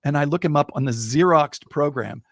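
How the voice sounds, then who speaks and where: Gravelly animated middle-aged storyteller man. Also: on the high side, normal speed, dry recording, studio quality. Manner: animated, builds suspense with rising excitement. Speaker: guest storyteller. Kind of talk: casual interview, telling an anecdote.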